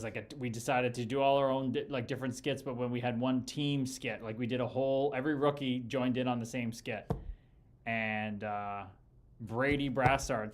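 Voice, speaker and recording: Ex hockey guy hosting a chat stream, rambly, swears a lot, says like and uh constantly. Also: mid-range voice. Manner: rambling, profane storytelling with many fillers and restarts. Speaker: podcast host and former pro hockey player. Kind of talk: casual livestream chat with viewers.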